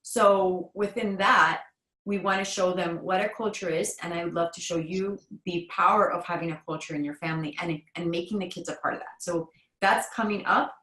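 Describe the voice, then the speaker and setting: A woman parenting coach on a call, explaining tasks step by step in a calm, encouraging way. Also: lowish voice, moderate pace, roomy sound, rough recording. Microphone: video or phone call.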